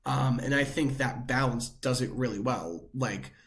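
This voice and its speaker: A young man co-hosting a pop culture podcast in casual chat. His pitch sits mid-range for a man. He talks loosely, circling back with plenty of filler words. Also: unhurried, fairly bright tone, slight background noise. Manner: rambling, many "like" fillers. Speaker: podcast co-host.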